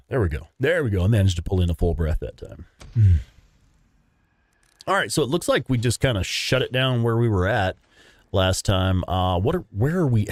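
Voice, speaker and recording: A man's voice: low-pitched, a little mellow, dry recording, clean studio sound. A young man, chatting casually with viewers while livestreaming a game and swearing now and then. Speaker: livestream gamer.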